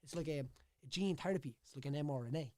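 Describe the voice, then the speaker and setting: A former fighter from Dublin, Ireland, talks casually and rambles as a podcast guest in a studio. His slightly high, a little mellow voice moves fast, full of stumbles, repeated words, and "you know what I mean" tags.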